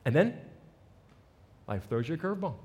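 Guy pastor preaching, relaxed chatty sermon, kinda high voice, swoops around a lot. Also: normal speed. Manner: informal, repeats words when building a point. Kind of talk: conversational sermon.

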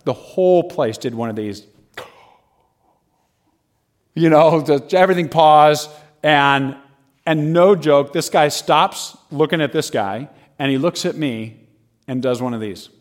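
A man telling a personal story in a lively way, often laughing and acting out the people in it. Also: a little high, unhurried, pauses often. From United States. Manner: lively, laughing as he tells it, acts out voices.

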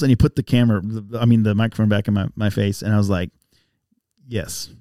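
A man from Texas, a bike rider appearing as a podcast guest, tells a casual story in a lowish voice at a brisk pace. He's animated and acts out other people's voices, and the recording is dry and studio quality.

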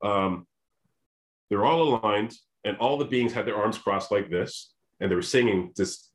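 A man telling a long personal story, animated, often restarting his sentences and acting out what people said. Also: lowish voice, a little slow. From Canada. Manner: animated, repeats and restarts, acts out quoted voices. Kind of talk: storytelling monologue.

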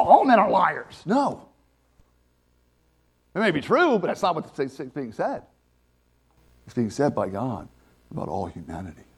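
A man preaching a sermon, emphatic, swinging between loud exclamations and quiet asides. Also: mid-range voice, gravelly, breathy edge.

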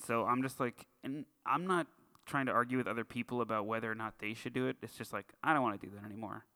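A man's voice: medium pitch, fast talker. A man co-hosting a podcast, telling stories in casual chat and jumping into voices as he goes. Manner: animated storyteller, jumps into voices. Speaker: podcast co-host.

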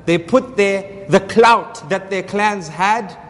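A man's voice: sits high, slow, fairly bright tone, big-room sound. A man giving a religious lesson as a story, asking rhetorical questions and repeating key phrases. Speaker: Islamic lecturer.

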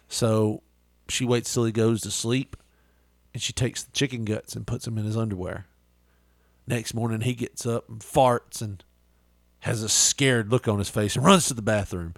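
Podcast cohost guy, loose swearing joke teller, mid pitch, dry close mic. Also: fairly even intonation, normal speed, vocal fry, no echo. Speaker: podcast co-host. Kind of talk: casual chat, joke telling.

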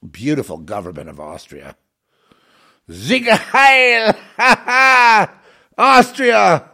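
A man giving a ranting monologue, preachy and emphatic, rambling with many restarts and fillers. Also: lowish voice.

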